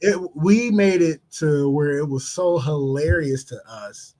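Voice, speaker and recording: A man from Cleveland co-hosting a podcast, telling a story in a casual, animated way and acting out the voices in it. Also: fairly high pitch, unhurried. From Cleveland, Ohio. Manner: animated, laughing, acts out voices in his stories. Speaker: podcast co-host.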